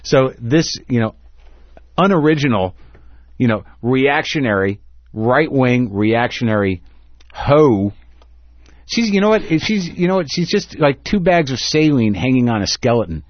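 A man's voice: mid-range voice, very animated, measured pace, no echo. A man hosting a radio show in casual banter, sarcastic and rambling, tripping over his own words. His voice sits in a middle register and sounds dry and close. The broadcast has a dull, lo-fi tone. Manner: rambling, sarcastic, restarts often. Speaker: radio talk show host.

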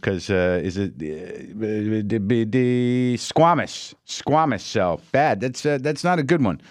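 A man hosts a radio show in a loose comic monologue. He rambles wryly and acts out the people he quotes. His voice sits at an ordinary pitch, recorded dry and close in the studio. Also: no echo.

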